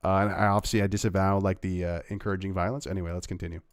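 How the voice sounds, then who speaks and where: A man's voice: deep voice, level tone, rapid-fire. A man hosting a livestream, giving casual, sarcastic commentary on clips he plays, rambling with fillers. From Canada. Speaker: livestream host reacting to clips.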